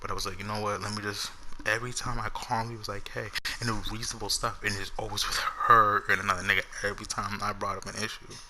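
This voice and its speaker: A man's voice: fairly low pitch, flat delivery, quick pace, hardly any pauses, bright, forceful tone, slight background noise, rough recording. A young man and YouTuber telling an unscripted story to his viewers in a loose, slangy, rambling way. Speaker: gaming YouTuber.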